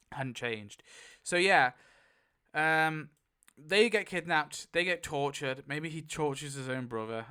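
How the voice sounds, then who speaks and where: A man hosting a casual online chat, excitable, laughing often and swearing freely. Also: medium pitch, clean tone. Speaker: YouTube host.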